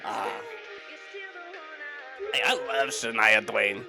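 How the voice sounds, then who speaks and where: Exasperated middle-aged husband, gravelly and sharp-toned, played by a man. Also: on the low side, steady tone, extremely slow, faint music behind, exaggerated voice. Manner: whiny, exasperated. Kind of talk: improvised comedy role-play.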